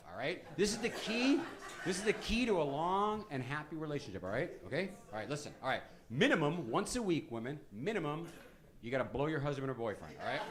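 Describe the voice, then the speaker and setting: A middle-aged male comedian working a comedy club stage through a handheld mic. His voice rides high and swings widely as he pushes his points with emphatic repeats. Loud audience laughter fills the room around him. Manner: animated, emphatic, repeats "listen" to hold the crowd. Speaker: stand-up comedian. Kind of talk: stand-up comedy set. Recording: live club with crowd laughter. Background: audience laughing and reacting.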